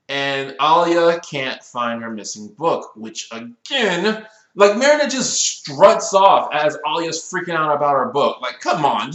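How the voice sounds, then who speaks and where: A man in his twenties reviewing a cartoon episode in a casual rant, complaining in an exasperated, animated way that builds into outbursts. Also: mid-range voice, a little slow, roomy sound, low-quality recording. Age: 20s.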